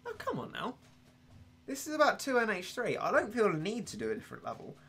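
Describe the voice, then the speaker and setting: A young English man chatting casually while he streams a game, rambling and joking at his own expense. His voice is bright and sits on the high side for a man. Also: wildly swooping pitch, fast, husky. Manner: rambling, self-deprecating, laughs often. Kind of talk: casual gaming commentary.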